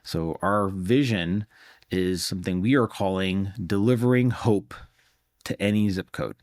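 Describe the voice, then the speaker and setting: A man's voice: low-pitched, measured pace, darkish tone, dry recording, clean studio sound. A man, a physician and cancer researcher, giving an earnest, reflective answer in an interview, often doubling words as he starts a thought.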